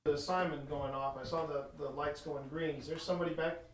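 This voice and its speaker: A man's voice: a little high, steady tone, fairly quick, a little hiss or hum. A man on a paranormal investigation, coaxing and friendly, calling out to spirits in a distillery. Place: distillery barrel room. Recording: echoey room, voice from a distance.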